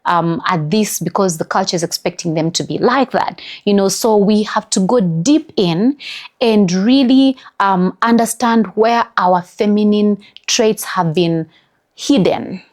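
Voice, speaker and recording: A woman's voice: mid-range voice, a little slow, darkish tone. A middle-aged Ugandan woman with a Ugandan English accent, giving an earnest, emphatic motivational wellness talk as host, with many "you know" fillers.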